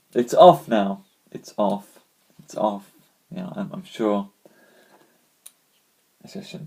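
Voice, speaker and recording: A man with a scratchy, hoarse throat, chatting casually with live-stream viewers before telling a story, greeting them by name and calling them ladies and gents. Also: medium pitch, a little mellow.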